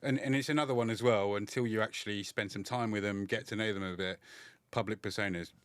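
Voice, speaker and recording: Man, football podcast co-host, measured and blunt, dry close sound. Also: on the low side, fairly even intonation, no echo. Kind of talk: casual football chat.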